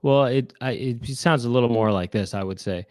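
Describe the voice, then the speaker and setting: A man's voice: medium pitch, normal speed, darkish tone, dry recording, clean studio sound. A man co-hosting a casual online chat show, trying out impressions and rambling with self-mocking asides. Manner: rambling, trails off and laughs at himself. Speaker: co-host.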